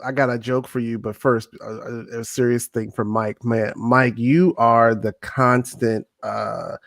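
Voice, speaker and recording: A man's voice: mid-range voice, little pitch movement, measured pace, creaky, a bit bright, no room sound, studio quality. A man guesting on a podcast, talking casually with slang and teasing the host playfully.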